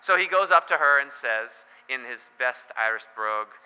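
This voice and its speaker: A man's voice: mid-range voice, animated, moderate pace, few pauses, sharp tone, clear, resonant tone. A man as pastor preaching a sermon in a church, telling the story in a conversational way with joking asides. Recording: long hall reverb.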